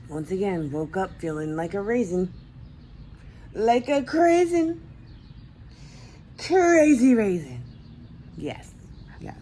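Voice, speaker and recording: A woman's voice: deep voice, mellow, a little hiss or hum, rough recording. A woman talking to herself at home in a casual vlog, rambling and groggy. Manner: rambling, groggy self-talk. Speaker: vlogger.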